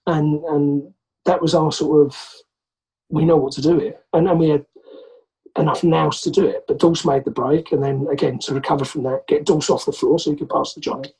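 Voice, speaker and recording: A man's voice: on the high side, a little fast, breathy edge, poor audio. A man from England, a podcast guest, telling an anecdote and acting out the voices of the people in it. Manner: animated, acts out quoted voices. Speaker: podcast guest, former rugby player. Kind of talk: anecdotal storytelling.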